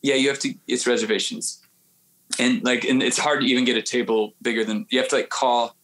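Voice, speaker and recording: A man's voice: mid-range voice, level tone, fairly quick, fairly bright tone, poor audio. A man who is a guest singer-songwriter, telling stories in casual podcast chat with lots of restarts and fillers. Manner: rambling, hesitant storyteller with many restarts. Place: home area near the coast.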